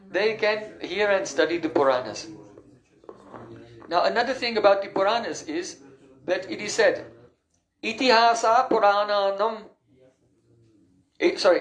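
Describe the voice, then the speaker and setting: A man's voice: sits high, roomy sound, poor audio. A man giving a patient, explanatory spiritual lecture on scripture, sometimes stopping to recall a term.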